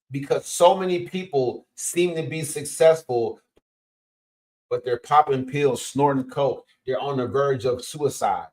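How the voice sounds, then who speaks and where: Speaking at a normal pace in a mid-range voice, a man in his fifties who coaches and hosts gives an emphatic, casual pep talk. His energy stays high, and he punctuates it with punchy interjections.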